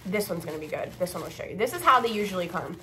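A woman's voice: fairly low pitch, lively intonation, racing, bright, forceful tone, a little hiss or hum. A young woman vlogging in a casual, blunt, profane ranting way. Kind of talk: casual vlog chat.

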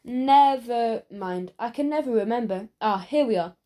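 A woman's voice: on the high side, a little slow, dark tone, lightly acted. A woman reading an audiobook, voicing a kind, chatty, scatterbrained middle-aged male shopkeeper. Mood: kindly. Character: kindly cheerful male newsagent, middle-aged.

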